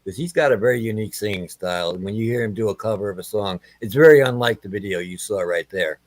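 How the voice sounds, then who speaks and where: A man's voice: fairly low pitch, fast talker, no echo. A man hosting a music live stream, chatting casually and swearing now and then. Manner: laid-back, swears casually.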